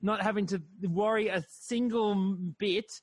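Higher-voiced man, dry close sound. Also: steady tone, unhurried, no echo. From Australia. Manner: rambling, self-deprecating, swears. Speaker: comedian. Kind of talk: casual chat.

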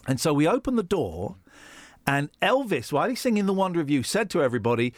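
A man's voice: on the high side, sing-song, fast, dry recording. A man hosting a radio breakfast show, bantering and telling jokey stories in a studio. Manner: playful, teasing, jokey storytelling. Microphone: studio microphone.

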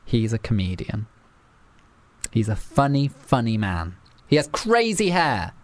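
A woman hosts a relaxed podcast conversation. Her voice moves up and down with lively pitch, and she laughs easily while rambling and repeating her words. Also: unhurried. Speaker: podcast host. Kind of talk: casual chat.

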